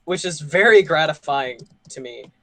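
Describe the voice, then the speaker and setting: A young man co-hosting a casual podcast while playing a game, telling a long story. His voice sits a little high, and he rambles loosely, leaning on "like" and "you know" as he goes. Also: lively intonation, moderate pace, a bit bright. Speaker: podcast co-host.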